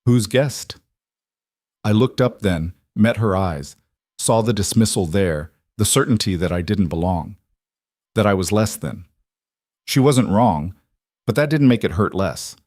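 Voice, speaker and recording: A man narrating a romance audiobook in a measured, dramatic manner. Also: fairly low pitch, animated, a little mellow, no echo, clean studio sound.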